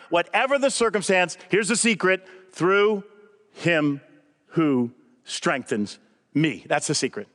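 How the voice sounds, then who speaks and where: An older man preaching a sermon as a guest speaker, conversational and animated, driving points home by repeating them. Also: on the high side.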